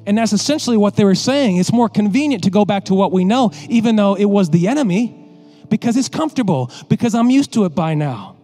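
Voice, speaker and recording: High-voiced animated male pastor preaching. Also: fast talker, soft background music. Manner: animated, joking, talks straight to the congregation. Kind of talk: sermon.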